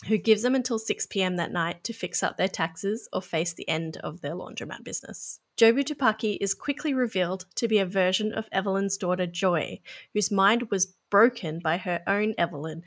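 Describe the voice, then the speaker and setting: A woman podcast host reading a smooth, prepared film summary and then asking her guest questions. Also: mid-range voice, moderate pace. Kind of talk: film recap then interview.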